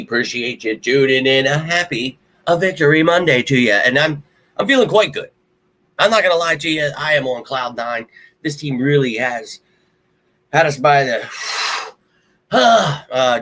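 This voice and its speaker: A man's voice: medium pitch, sharp tone, poor audio. A man hosting his own live sports show, rambling bluntly and heatedly about his football team to viewers. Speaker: sports podcast host. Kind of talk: casual fan commentary to a live stream.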